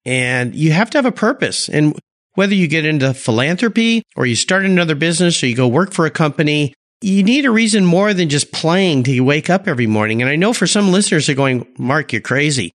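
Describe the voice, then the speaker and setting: A man's voice: on the high side, animated, a little fast. A man hosting a podcast interview, upbeat and speaking directly to his listeners. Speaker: podcast host. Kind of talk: conversational interview.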